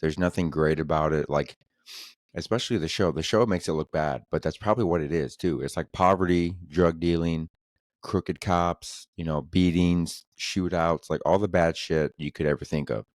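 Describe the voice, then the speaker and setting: A man's voice: low-pitched, moderate pace, no room sound, clean studio sound. A man hosting a solo podcast, rambling casually with profane jokes. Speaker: podcast host.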